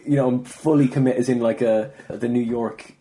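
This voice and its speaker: A man's voice: medium pitch, steady tone, normal speed, dark tone, a little hiss or hum. A man hosting a podcast, chatting casually and agreeing with his guest. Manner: agreeable, short backchannels. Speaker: podcast host.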